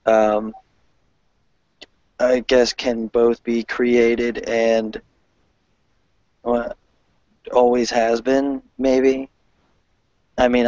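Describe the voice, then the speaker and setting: A man talking in a casual group video call, rambling and excitable, often breaking into laughter. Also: medium pitch, no echo. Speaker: host. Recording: dull lo-fi video call audio.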